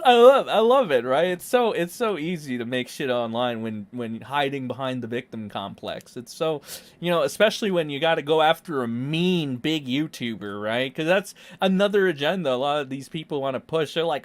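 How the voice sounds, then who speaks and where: Young man, sarcastic commentary, profane ranting, lively pitch, fairly high voice. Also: normal speed. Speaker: YouTube commentator. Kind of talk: casual commentary.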